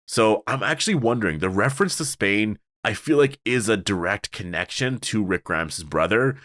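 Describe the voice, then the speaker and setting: Casting: low-voiced male show reviewer, chatty and rambling, dry close mic. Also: expressive, moderate pace, fairly bright tone, no room sound. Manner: rambling, many fillers and restarts. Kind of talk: casual solo review.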